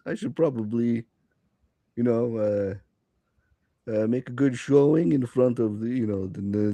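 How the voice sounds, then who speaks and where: A man's voice: mid-range voice, warm tone, no echo. A man playing in a tabletop game who speaks hesitantly, with lots of fillers and restarts. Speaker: player. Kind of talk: in-character tabletop play.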